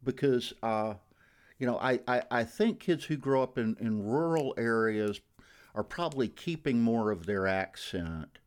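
A man with a strong Southern US accent, a regular radio commentator speaking in a measured way and repeating words as he thinks. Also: medium pitch, expressive, clean tone. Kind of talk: radio conversation.

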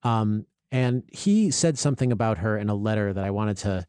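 A man's voice: on the low side, animated, moderate pace, darkish tone, smooth, no room sound, studio quality. A man hosting an interview, asking curious, casual questions with fillers. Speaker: interview host. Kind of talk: conversational interview.

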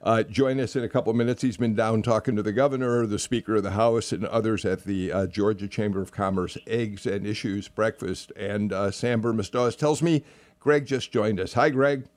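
A man hosting a political radio talk show, speaking in a halting way with many fillers and a wry edge. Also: fairly low pitch, no echo. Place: radio studio.

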